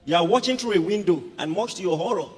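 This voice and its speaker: A man preaching a sermon as a pastor, animated and humorous. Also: high voice, fast, slightly rough. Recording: reverberant hall with music behind.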